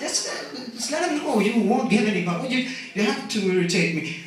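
High-voiced young man ranting stand-up. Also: fast. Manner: animated, ranting, sarcastic. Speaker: stand-up comedian. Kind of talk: stand-up comedy set. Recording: echoey, distant, noisy live recording.

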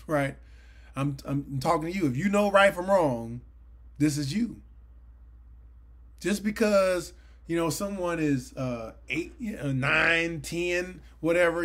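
A man's voice: a little high, a bit bright. A man in his late forties giving a Bible study lesson, talking earnestly and conversationally with sudden emphatic bursts. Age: 40s. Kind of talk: sermon-style Bible teaching. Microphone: livestream mic.

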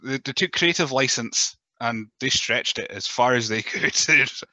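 A man's voice: medium pitch, moderate pace, sharp tone, dry recording. Chatty Scottish man hosting a podcast. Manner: chatty and jokey, laughs often, mimics people. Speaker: podcast host. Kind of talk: casual interview chat.

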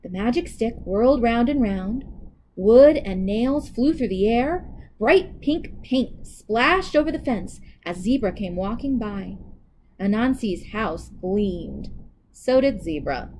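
A woman librarian reading a children's picture book aloud in a dramatic, expressive way, with asides to young listeners. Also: on the high side, slow pace, a little hiss or hum, low-quality recording.

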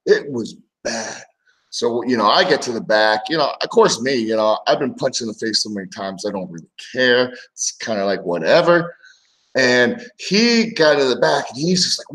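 A man's voice: medium pitch, normal speed, rough recording. A man co-hosting a casual wrestling talk show, telling a story from his wrestling days and acting out the voices in it. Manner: animated storyteller, acts out quoted voices. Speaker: podcast co-host, former wrestler.

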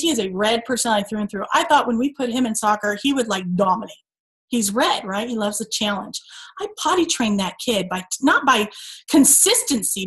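A woman in her thirties giving an earnest, preachy motivational talk to her sales team, full of emphatic rhetorical questions. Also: sits high. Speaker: team call speaker.

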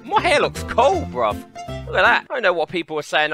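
A man giving playful commentary on a VR game, laughing often and yelling in the fights. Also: sits high, huge pitch swings, fairly quick, music in the background, poor audio. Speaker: gaming YouTuber. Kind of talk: VR gameplay commentary.

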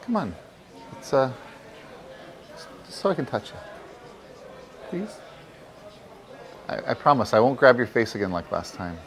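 A man playing a prison inmate in a sketch comedy monologue, low-key and deadpan. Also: measured pace, pauses often.

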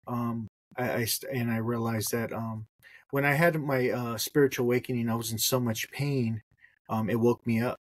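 A man's voice: mid-range voice, fairly even intonation, moderate pace, dry recording. A man hosting a podcast, speaking reflectively and hesitantly, with many ums. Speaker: podcast host. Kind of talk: podcast conversation.

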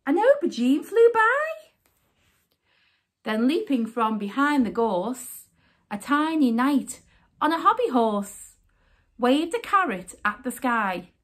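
A woman with a high voice reads a rhyming children's picture book aloud, storyteller-style, in an expressive, sing-song way.

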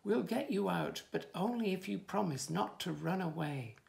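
Man reading as a businesslike dino police inspector, storybook, gravelly, firm. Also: high-pitched, lively intonation, moderate pace, a little mellow, pitched above the performer's own voice, heavily acted. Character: brisk female dinosaur police inspector.

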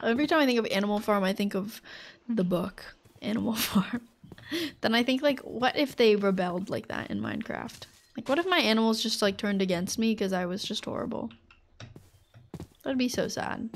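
A woman's voice: fairly high pitch, normal speed. A woman streaming a game live, chatting casually and rambling, with lots of fillers and frequent laughter. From United States.

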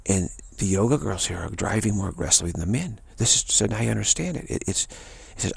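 A man's voice: fairly low pitch, lively intonation, fast talker, vocal fry, hardly any pauses, husky, no echo. A man giving an informal spiritual talk, rambling through anecdotes and acting out the voices of people he quotes. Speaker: spiritual teacher.

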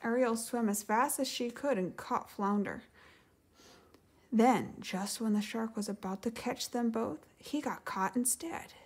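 A woman reading a children's storybook aloud in a gentle, unhurried way. Her voice sits a little high, with a soft, breathy texture. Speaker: storybook reader and teacher.

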